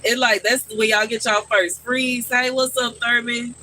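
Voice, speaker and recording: A man's voice: very high voice, flat delivery, measured pace, bright, forceful tone, slight background noise, poor audio. A man chatting casually on a live stream from his backyard garden, answering his viewers' questions.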